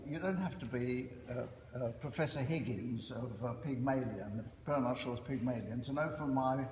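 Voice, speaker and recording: An older man with a Cockney accent giving an anecdotal, self-deprecating after-dinner speech with frequent pauses. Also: mid-range voice, a little mellow. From East End of London. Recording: echoey hall with noise.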